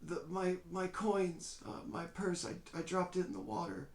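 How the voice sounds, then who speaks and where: A man's voice: high voice, expressive, moderate pace, echoey room, voice pushed up. A man voicing a frail, hunched old man who falters and stammers as he speaks. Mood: frail, fretful.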